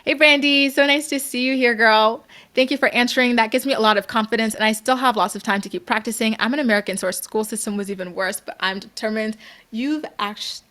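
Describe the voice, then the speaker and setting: Her voice sits on the high side, quick and sharp-toned. She's a young Canadian woman hosting a casual livestream, reading viewer comments and chatting upbeat, with plenty of "like" and "girl" sprinkled in.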